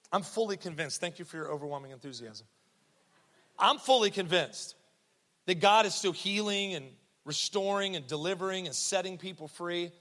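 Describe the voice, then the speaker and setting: Male pastor, sermon delivery, punchy repetition and humor; voice a touch high, long church reverb. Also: fairly bright tone. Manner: emphatic, repetitive, jokey. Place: church sanctuary.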